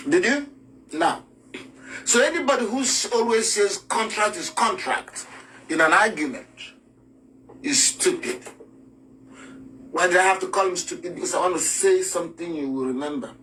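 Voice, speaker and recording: A man lectures with force, hammering home points through rhetorical questions. His voice sits high and bright. He sounds slightly distant from the mic, with a faint hiss underneath. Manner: emphatic, rhetorical questions, acts out scenes. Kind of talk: lively spoken lesson.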